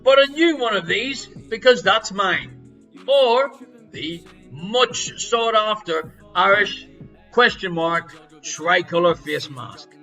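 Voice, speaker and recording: A man hosting a live-streamed online quiz from home, reading questions and answers with jokey, showy patter and sudden loud calls. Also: sits high, lively intonation, slow pace, faint music behind, rough recording. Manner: jokey, showy quizmaster patter with big swings in loudness. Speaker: quiz host.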